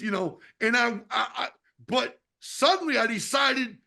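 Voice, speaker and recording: A man in his fifties talks in a casual, passionate way, swearing freely and checking in with his listeners. His voice sits high and has a gravelly fry. His tone is bright and forceful. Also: animated, moderate pace. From United States. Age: 50s. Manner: passionate, profane, repeats "you know what I mean". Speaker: podcast host and wrestling promoter. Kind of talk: casual chat.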